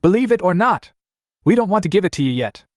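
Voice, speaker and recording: A man's voice: high-pitched, sing-song, quick pace, a little mellow, dry recording, clean studio sound, voice pushed up. A man doing a gloomy stern father. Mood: scornful.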